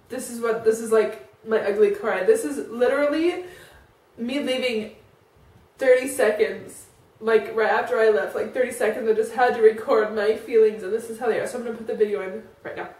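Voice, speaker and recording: A high-voiced woman in her thirties tells a personal story to camera, rambling and restarting, filling gaps with "like". She sits back from the mic in an echoey room, so her voice sounds roomy. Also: a little mellow, distant mic. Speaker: vlogger.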